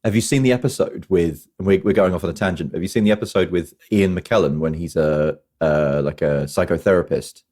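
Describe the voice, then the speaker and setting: A man with a very low voice hosts a film review chat. He talks easily through trivia and now and then quotes a line in a put-on voice. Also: a little fast, hardly any pauses, darkish tone. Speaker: podcast host.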